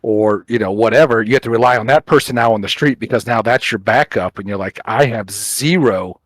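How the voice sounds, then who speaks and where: A man co-hosting a casual podcast, telling work stories with animated quoted dialogue and frequent fillers. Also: lowish voice, a little fast, dry recording, rough recording. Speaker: podcast co-host, police officer. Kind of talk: casual chat, storytelling.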